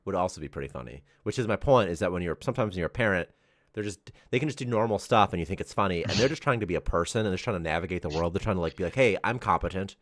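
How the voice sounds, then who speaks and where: Lively, rambling man with a lowish voice. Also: rapid-fire, dry recording, clean studio sound. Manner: rambling, animated storytelling with frequent laughs. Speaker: game developer co-hosting a dev stream. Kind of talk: casual chat on a live stream.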